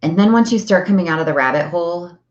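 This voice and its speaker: Talking fast in an animated, lowish voice, a middle-aged woman coaches her viewers with chatty, sincere motivation and repeats phrases for emphasis. She's a self-help coach, recorded in an echoey room with slightly dull sound.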